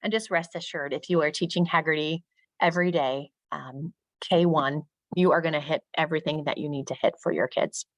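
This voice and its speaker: A middle-aged woman giving a professional development talk to teachers, modeling speech sounds slowly and crisply and lifting her voice when she plays a teacher asking pupils. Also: sits low, fairly even intonation, no room sound. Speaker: teacher trainer.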